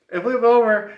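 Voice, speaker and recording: A man's voice: extremely high pitch, highs cut off. Man telling a story in an echoey room. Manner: animated, laughs through the story. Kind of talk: casual personal storytelling. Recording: roomy echo.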